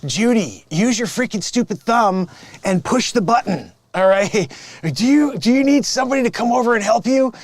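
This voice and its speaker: A man plays a sleazy phone scammer who sneers at his coworkers and sweet-talks his marks. The voice sits high and jumps around a lot. It is recorded close with no room sound. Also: animated, moderate pace, no room sound, full character voice. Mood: smug. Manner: smug, mocking, laughing at his own lines. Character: sleazy male phone scammer boss posing as tech rebate agent. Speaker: improv comedian. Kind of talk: improvised comedy sketch.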